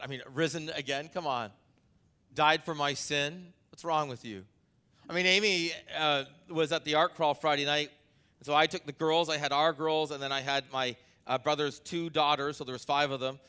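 A man preaching a sermon as pastor, talking conversationally through an anecdote, building to emphatic peaks and then dropping low. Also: sharp tone, smooth.

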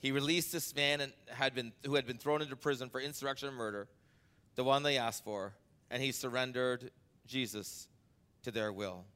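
A man preaching a sermon as pastor, talking conversationally through an anecdote, building to emphatic peaks and then dropping low. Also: steady tone, moderate pace, a bit bright, clean tone.

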